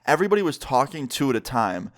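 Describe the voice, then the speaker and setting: A man telling a personal story in a casual vlog, animated and swearing freely. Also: mid-range voice, fast. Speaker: vlogger.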